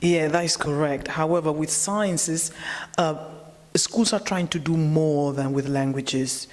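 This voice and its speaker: A woman's voice: sits low, unhurried, big-room sound. A young woman from Spain, a language teacher answering interview questions earnestly, often repeating words as she searches for them. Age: young adult.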